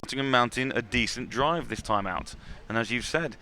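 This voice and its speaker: A man calling live American football play-by-play, brisk and excitable at big plays. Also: mid-range voice, slight background noise. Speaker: play-by-play commentator. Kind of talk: live sports commentary.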